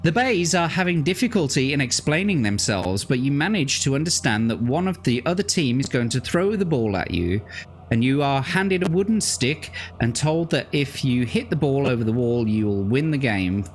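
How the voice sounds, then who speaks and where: A man's voice: medium pitch, very animated, moderate pace, slight background noise. A man hosting a gamebook play-through, reading the adventure aloud and chatting casually with a guest, with plenty of swearing and laughter. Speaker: host and gamebook narrator.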